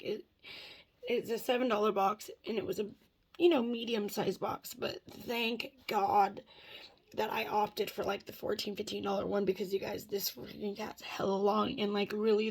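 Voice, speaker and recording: A woman's voice: medium pitch, breathy edge. A woman vlogging in casual chat, rambling and swearing a lot, with "dude" and "like" in nearly every sentence.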